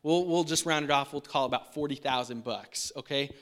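A man's voice: medium pitch, brisk, fairly bright tone. A man preaching a sermon in a casual, chatty way, often asking "right?". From United States. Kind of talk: conversational sermon.

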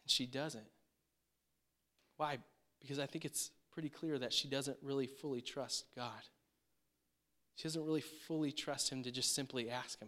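A man's voice: medium pitch, steady tone, normal speed, long pauses, pushed and bright. A man preaching a sermon in a conversational, emphatic way, often checking in with the congregation. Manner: conversational, emphatic, frequent rhetorical "right?". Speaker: pastor.

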